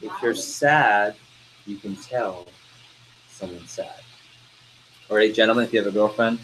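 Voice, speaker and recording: A man's voice: lowish voice, unhurried, long pauses, fairly bright tone, a little hiss or hum, rough recording. A man running a sales training session, speaking energetically and constantly firing questions at his class. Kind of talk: interactive training talk.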